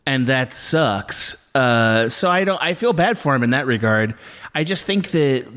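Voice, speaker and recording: A man co-hosting a podcast in casual chat, halting and dry, with many fillers. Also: mid-range voice, expressive, a bit bright, long reverb tail. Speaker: podcast co-host.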